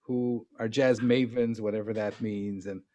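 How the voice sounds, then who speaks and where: A man's voice: fairly low pitch, fairly even intonation, unhurried, warm tone, lo-fi sound. A man hosting a casual interview, asking eager questions and often restarting his sentences. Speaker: interview host.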